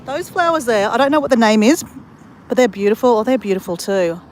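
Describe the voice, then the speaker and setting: Aussie woman, bit high voice, gushy chatty vlog on a walk, faint traffic going by. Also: expressive, a little fast. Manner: chatty, gushing, addresses viewers as guys. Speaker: vlogger. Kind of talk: casual walking vlog. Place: outdoors on a town street.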